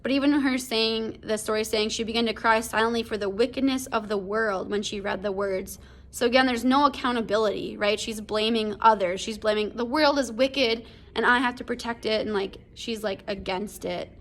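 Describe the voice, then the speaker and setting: A woman's voice: mid-range voice, fairly even intonation, moderate pace. A woman teacher recording a casual lesson video about a story, talking in a chatty way full of fillers, from home. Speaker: English teacher. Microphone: computer or phone video recording.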